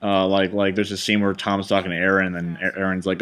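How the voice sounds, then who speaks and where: A man's voice: deep voice, flat delivery, fast talker, hardly any pauses, a bit bright. A man directing and hosting a casual commentary chat, rambling and enthusiastic as he talks.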